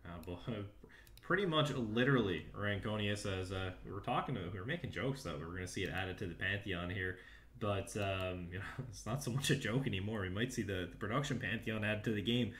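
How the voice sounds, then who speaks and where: A man giving steady play-by-play commentary on an esports match. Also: fairly low pitch, a little fast. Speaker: esports caster.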